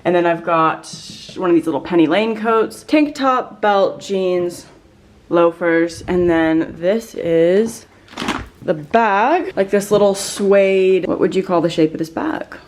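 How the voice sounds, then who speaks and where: A woman's voice: on the low side, expressive, slow pace, darkish tone, a little hiss or hum. A woman talking casually to her camera in a hotel room for a travel vlog, chatty and upbeat with lots of "like". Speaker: vlogger.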